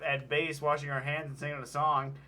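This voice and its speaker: A man's voice: on the high side, flat delivery, a little fast, pushed and bright. A man keeping score in a casual party game, joking and laughing often. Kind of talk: casual chat.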